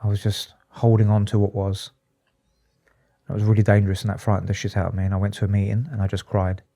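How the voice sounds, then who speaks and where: Earnest man, dark-toned voice. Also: lowish voice, completely flat delivery, vocal fry. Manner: earnest, emotional, halting with restarts. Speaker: psychotherapist and addiction specialist, guest. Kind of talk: candid interview talk.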